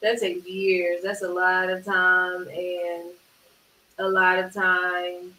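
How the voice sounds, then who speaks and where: Bright-voiced woman producer, roomy sound. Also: fairly low pitch, completely flat delivery. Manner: agreeable, talks in quick bursts, many "yeah"s. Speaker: music producer. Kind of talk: casual interview chat. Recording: roomy, distant mic with faint hiss.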